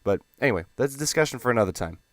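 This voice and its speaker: A young man telling a gaming story in a rambling, animated, profane way. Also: mid-range voice, very fast, no echo. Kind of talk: casual storytelling.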